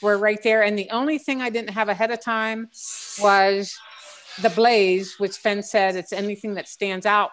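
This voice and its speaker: A woman's voice: mid-range voice, a bit bright, a little hiss or hum. A woman guest on a casual group chat, talking in long rambling stretches with frequent restarts and fillers. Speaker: guest treasure hunter.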